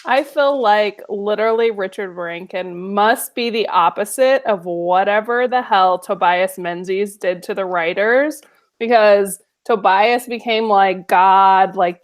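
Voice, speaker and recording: A woman joins a relaxed podcast conversation as co-host. She talks at a mid pitch and keeps her remarks quick and joking. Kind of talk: casual chat.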